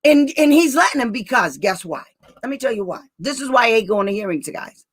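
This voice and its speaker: A woman's voice: fairly high pitch, expressive, brisk, breathy edge. A woman special education advocate in casual talk, ranting bluntly and with exasperation, drawing out words for emphasis.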